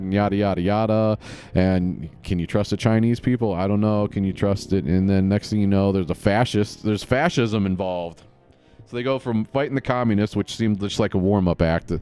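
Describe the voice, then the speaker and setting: Rambling, low-voiced podcast host. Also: male voice, moderate pace, warm tone, clean tone. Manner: rambling, self-correcting, chuckling. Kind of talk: casual podcast chat.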